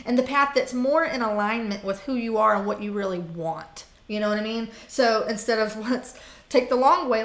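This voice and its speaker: A woman's voice: on the high side, roomy sound. Chatty woman reading tarot, blunt and swearing. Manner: chatty and blunt, with frequent fillers, swearing and laughter. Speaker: tarot reader. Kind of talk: casual tarot reading for zodiac signs.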